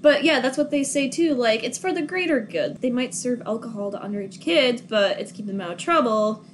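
Giggly young woman with a lively voice. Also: fairly high pitch, a little fast, a little hiss or hum. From Minnesota. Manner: giggly, swears casually, bursts into loud laughs. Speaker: podcast co-host. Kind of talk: casual chat recapping a film.

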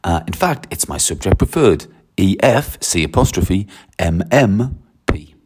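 A man's voice: low voice, sing-song, measured pace, darkish tone, slightly rough. A man who teaches French, explaining his methods in a chatty, enthusiastic way and reading French example sentences aloud. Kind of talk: casual explanation to camera.

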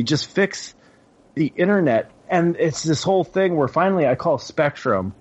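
A man's voice: fairly high pitch, animated, moderate pace, breathy edge, lo-fi sound. A man co-hosting a podcast, telling a story in casual chat, swearing and quoting others.

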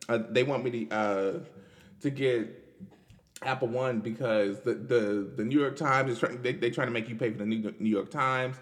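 A man's voice: mid-range voice, a bit bright. A young man, hosting a casual podcast and commenting on news in a loose, chatty way with restarts and laughs. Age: 20s. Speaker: podcast host.

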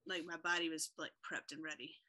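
A woman's voice: low voice, level tone, fairly quick, bright, forceful tone. A woman co-hosting a podcast in casual chat, talking freely with lots of fillers and frequent laughter. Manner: chatty, laughs often, many fillers. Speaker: podcast co-host.

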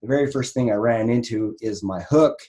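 A man's voice: mid-range voice, fairly quick, mellow. A man who works in online marketing for a raw vegan health business gives a casual, rambling teaching talk, full of restarts and fillers.

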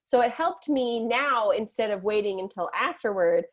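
This thirties-aged guest speaks at normal speed in a fairly high, animated voice. Recounting stories conversationally, she laughs often and performs the dialogue.

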